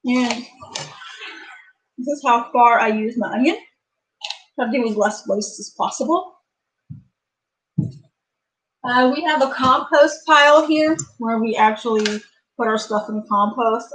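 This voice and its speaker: A woman with a somewhat high voice chats casually through a live cooking stream. She narrates each step out loud, talking half to her viewers and half to herself while she works in a home kitchen. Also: steady tone, moderate pace, low-quality recording. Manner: chatty, talks to herself while cooking, sings and playfully whines. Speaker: cooking channel host.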